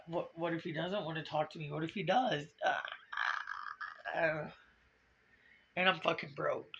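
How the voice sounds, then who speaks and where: A tearful woman pours her heart out in a confessional vlog, blunt and profane as she rambles. Her voice is bright and strained. The sound is dull and lo-fi, as from a low-quality video. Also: a little hiss or hum. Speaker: vlogger.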